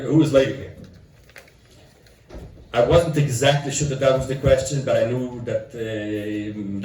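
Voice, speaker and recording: Middle-aged rabbi from italy telling a story, mid-pitch voice, far off mic, faint room noise. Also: male voice. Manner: animated storytelling, mixes Yiddish and Italian phrases. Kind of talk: storytelling at a gathering. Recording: roomy echo from far off.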